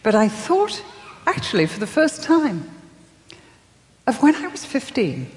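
An older woman giving a sermon, telling her story softly with dramatic pauses and acting out the voices she quotes. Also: on the high side, wildly swooping pitch, big-room sound. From England. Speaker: speaker.

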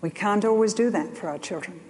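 An older woman preaching a sermon, telling stories in an animated way that swings between loud and soft. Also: medium pitch, a little fast. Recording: long hall reverb.

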